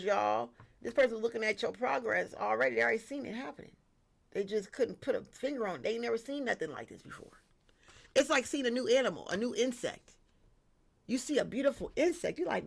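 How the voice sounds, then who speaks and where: A woman giving a casual spiritual tarot reading, lively and slangy, talking straight to her viewers. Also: fairly high pitch, fairly quick, vocal fry. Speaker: tarot reader.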